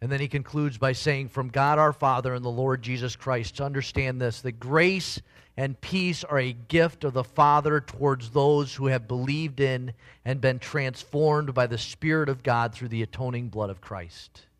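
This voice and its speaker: A man's voice: mid-range voice, moderate pace, a bit bright, no echo. A man preaching a sermon as a pastor, earnest and conversational, with emphatic swells.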